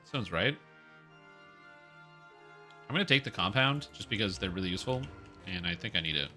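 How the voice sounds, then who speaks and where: A man's voice: medium pitch, sing-song, normal speed, long pauses, pushed and bright, soft background music. A young man casually commenting on his gameplay as a streamer, chatty and joking while he explains what he is doing. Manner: chatty, jokey, explains as he plays. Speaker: game streamer.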